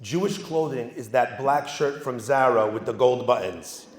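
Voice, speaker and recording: A man, a rabbi, giving a humorous talk to a live audience, telling stories with lively asides. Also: mid-range voice, normal speed. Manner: joking, storytelling, lively asides. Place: synagogue hall. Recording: echoey hall, live event.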